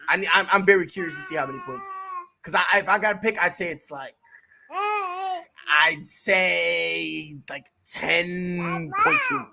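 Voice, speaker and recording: Excitable slangy live game commentator. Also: medium pitch. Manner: excitable, bursts into shouted reactions and laughter; slangy, chats with viewers between plays. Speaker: sports streamer. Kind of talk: casual live play-by-play commentary.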